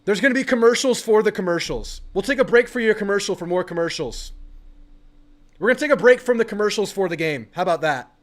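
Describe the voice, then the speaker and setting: A young man hosting a live football watch party, reacting excitedly and ranting with frustration. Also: sits high, quick pace. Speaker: sports channel host.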